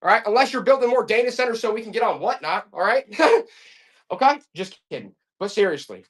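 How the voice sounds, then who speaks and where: A man hosting a live auction stream, talking loosely and fast to his viewers. He rambles into folksy, worked-up rants between the items he sells, tossing out "all right?" and calling people "boy". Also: high-pitched, expressive, a bit bright. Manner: folksy, calls listeners "boy". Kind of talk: casual live-selling stream chat.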